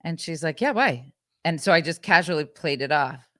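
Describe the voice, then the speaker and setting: A woman's voice: low-pitched, steady tone, a little fast, sharp tone, no echo, clean studio sound. A woman co-hosting a parenting podcast, telling stories about herself in an anxious, self-mocking way. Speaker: podcast co-host. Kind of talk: casual podcast chat.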